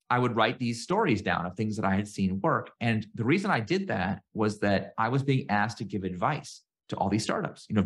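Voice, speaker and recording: A middle-aged man chatting as a podcast guest, his voice sitting a touch low. He tells stories with energy and acts out quoted lines with a sharp lift in pitch. The delivery is casual and conversational. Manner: animated storyteller, acts out quoted exchanges in a raised voice. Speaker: guest, entrepreneur and author.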